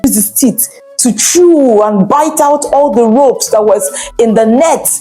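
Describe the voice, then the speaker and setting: A woman's voice: fairly high pitch, unhurried, dark tone, soft background music. A woman teaching children, telling a bilingual story with chatty, encouraging asides.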